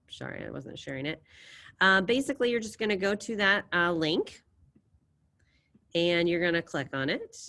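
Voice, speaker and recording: A Spanish teacher with a lowish, pushed, bright voice runs an online class over a video call. She encourages her students and drills verb endings aloud.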